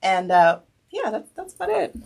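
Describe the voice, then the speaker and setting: A woman's voice: medium pitch, big pitch swings, normal speed, vocal fry, recorded from a distance. A woman in her forties from New Jersey, a guest chatting casually in an interview and laughing often. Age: 40s.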